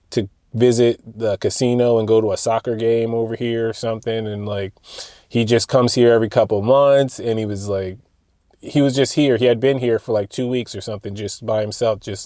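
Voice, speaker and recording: Young man, casual rambling storytelling, mellow dark voice, dry close sound. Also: mid-range voice, dry recording. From United States. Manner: rambling, animated retelling with frequent fillers and restarts. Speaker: vlogger.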